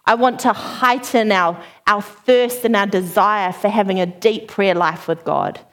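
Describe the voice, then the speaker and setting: A woman in her thirties giving a sermon, opening with a chatty, animated personal story and frequent laughter. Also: medium pitch, a little slow. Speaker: preacher.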